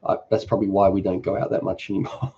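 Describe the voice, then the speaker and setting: Mellow man, casual live chat. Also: low-pitched, fast, gravelly, dull audio. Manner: easygoing, reads viewer comments aloud and answers them off the cuff. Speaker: cooking channel host.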